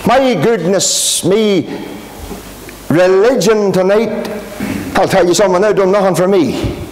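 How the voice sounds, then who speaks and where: A man's voice: high voice, unhurried, a little mellow, a little hiss or hum. A Northern Irish pastor preaching an emphatic, repetitive gospel sermon in a gospel hall, calling his listeners friends.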